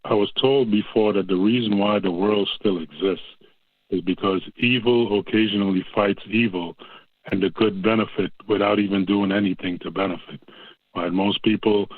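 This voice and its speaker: A man's voice: lowish voice, steady tone, moderate pace, no echo. Male caller on a tinny phone line. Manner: rambling, folksy. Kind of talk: casual call-in chat.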